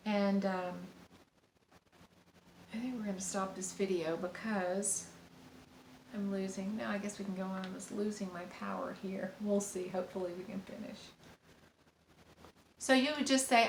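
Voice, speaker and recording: A middle-aged woman teaching about parenting, telling a personal story in a gentle, rambling way with many fillers and restarts. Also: medium pitch, fairly even intonation, normal speed, pauses often. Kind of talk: informal teaching monologue with anecdotes. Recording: echoey room with faint ambient noise.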